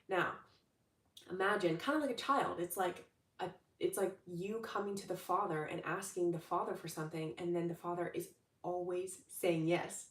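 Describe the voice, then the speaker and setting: A chatty, upbeat young woman with a fairly low voice, coaching her audience in a relaxed, rambling way. She sits some distance from the mic, so her voice carries a roomy echo. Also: moderate pace. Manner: chatty, upbeat, many fillers and restarts. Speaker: manifestation coach. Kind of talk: casual livestream talk.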